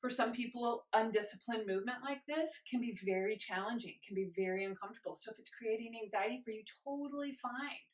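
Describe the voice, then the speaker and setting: A young woman leading a guided movement class, encouraging and gentle, a little out of breath as she moves. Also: a little high, fast, hardly any pauses. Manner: encouraging, gentle, invites choices. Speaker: movement instructor. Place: home room with carpet.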